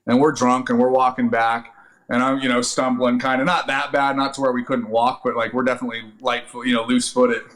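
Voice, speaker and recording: Guy in his 30s rattling off a wild story quick, swears a lot, super animated. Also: medium pitch. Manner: fast, profane, animated storytelling. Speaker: podcast guest, actor and Army veteran. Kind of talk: casual storytelling chat.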